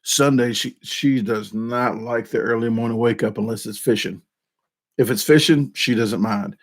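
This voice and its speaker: A man chats loosely to his viewers in a middle-pitched, everyday voice, rambling and restarting his sentences. He pokes fun at himself as he goes and speaks into a desk microphone. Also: fairly even intonation, normal speed. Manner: rambling, self-deprecating, with frequent restarts. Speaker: YouTube channel host. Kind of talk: casual rambling chat.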